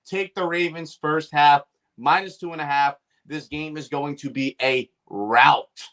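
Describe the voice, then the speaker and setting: A man's voice: on the high side, a little slow, a bit bright. A man hosting a sports betting show, cocky and punchy, firing off picks with catchphrases. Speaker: podcast host giving bets. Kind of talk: brash sports betting rant.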